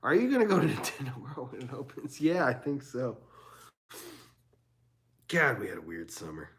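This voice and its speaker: A man's voice: medium pitch, wildly swooping pitch, normal speed. A man hosting a casual livestream, rambling through stories with frequent laughs, reading chat and acting out both sides of conversations. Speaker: livestream host.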